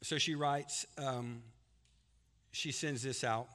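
A middle-aged man, preaching a sermon as pastor, building to loud climaxes and dropping to a hush in prayer. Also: mid-range voice, takes it slowly. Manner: animated, rising to loud climaxes, hushed in prayer.

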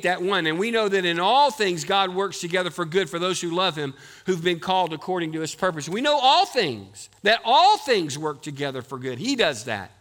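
A man's voice: high voice, pushed and bright, long reverb tail. A man preaching a sermon as pastor, emphatic and building to strong points, calling on his church to answer him aloud.

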